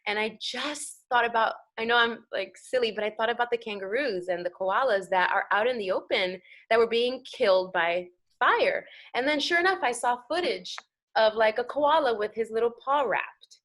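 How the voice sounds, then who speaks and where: An American actress talking as a guest on a talk show, animated and chatty with lots of fillers. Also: female voice, a little high, normal speed. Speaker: guest actor. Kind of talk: casual interview chat.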